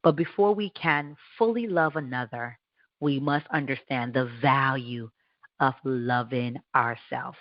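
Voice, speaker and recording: A woman's voice: very deep voice, a little slow, dry recording, lo-fi sound. A woman hosting a radio show, giving an earnest, encouraging faith talk in a conversational way, with restarts.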